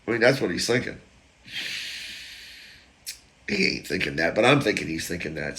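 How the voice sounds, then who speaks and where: A man's voice: low-pitched, moderate pace, vocal fry, slight background noise. A man, a podcast host, telling a casual comic story and acting out the people in it. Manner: animated, acts out quoted people, jokes about word sounds.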